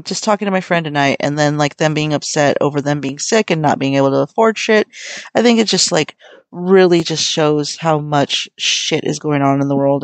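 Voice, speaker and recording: This is a deep-voiced young American woman on her own casual podcast. The recording is dry, and she rambles frankly with heavy swearing.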